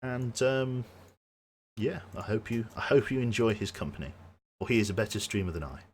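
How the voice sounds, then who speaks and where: Brummie guy signing off his game stream, low voice, worn out and strained, faint hum behind. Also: lively intonation, moderate pace. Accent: Brummie (Birmingham). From Birmingham, England. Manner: rambling, self-interrupting, chuckles often. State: tired, strained voice close to giving out. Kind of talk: casual stream sign-off chat.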